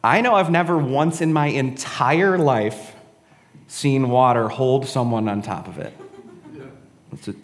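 A man's voice: medium pitch, unhurried. Man preaching casually in a reverberant hall. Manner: conversational, frequent "right?" and "honestly". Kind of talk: sermon.

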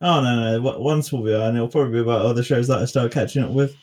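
Young guy hosting a podcast, kinda hesitant, keeps restarting and laughing, mid-pitched voice. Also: fast talker, darkish tone. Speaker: podcast host. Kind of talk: casual chat.

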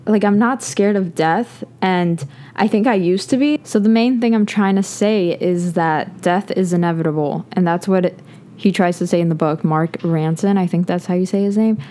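A woman's voice: on the low side, moderate pace, mellow. A young woman hosting a podcast, talking through her personal views in a rambling, earnest way, full of fillers and restarts and close to tears at times. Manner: earnest, rambling, heavy on "like", gets emotional. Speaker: podcast host. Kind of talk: personal reflective monologue.

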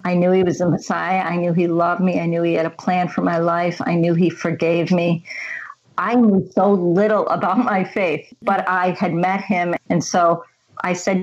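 A woman's voice: on the low side, level tone, moderate pace, highs cut off. A middle-aged woman giving an earnest, reflective personal testimony as an interview guest.

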